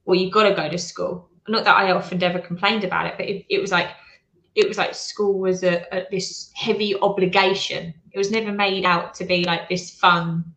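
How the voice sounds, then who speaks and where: A woman's voice: on the low side, flat delivery, normal speed, a bit bright. A woman chatting casually as a podcast co-host, thoughtful and earnest, sometimes restarting her sentences. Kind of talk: casual chat. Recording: roomy echo.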